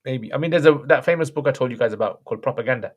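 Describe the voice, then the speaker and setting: A man hosting a livestream and answering viewer questions in a relaxed, chatty way. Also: medium pitch, very fast, breathy edge. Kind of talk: casual chat.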